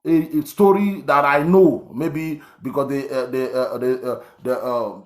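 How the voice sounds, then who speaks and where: A Nigerian man near fifty, an online commentator, talks politics in a monologue with a steady, mid-range voice at a measured pace. He's emphatic and repeats himself, with lots of fillers and restarts, recorded in an echoey room.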